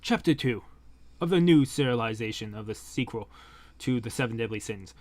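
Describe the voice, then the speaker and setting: A man gives casual reaction commentary at an ordinary mid-range pitch. He rambles in a relaxed way and corrects himself mid-sentence. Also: normal speed. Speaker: manga reaction video host.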